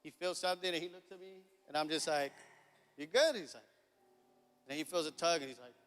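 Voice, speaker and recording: A man in his thirties, a pastor, preaches a sermon in a church sanctuary, telling a family story casually with chuckles and acting out the dialogue. His voice is on the high side, fast, with a fairly bright tone. The recording has the long reverb of a church hall.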